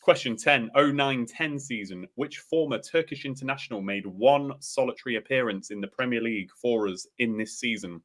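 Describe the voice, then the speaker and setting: A man's voice: mid-range voice, normal speed, hardly any pauses, fairly bright tone. A man hosting a live-stream quiz, reading questions and scores in an upbeat, chatty way. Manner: upbeat, chatty, laughs often. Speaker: quiz host.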